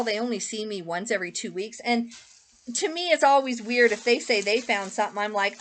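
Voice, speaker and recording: A woman's voice: on the high side, a little fast, fairly bright tone, a little hiss or hum. A woman reseller chatting casually through a clothing haul, rambling with lots of fillers and asides. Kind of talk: casual haul vlog chat.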